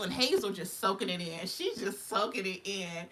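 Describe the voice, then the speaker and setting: A woman's voice: mid-range voice, very animated, a little fast, few pauses, pushed and bright. A young woman, casually telling a story on a livestream, laughing often and acting out other people's voices.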